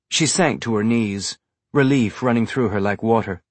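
A man reading a novel aloud in measured, unhurried scripted narration on a close studio microphone. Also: on the low side, dry recording. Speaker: audiobook narrator.

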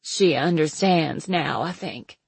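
A hoarse, weary old grandmother, voiced by a woman reading an audiobook, speaking slowly with a phlegmy rasp. Her voice sits low, and the recording is dry and close. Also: dry recording, exaggerated voice. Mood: tearful. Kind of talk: audiobook character voice.

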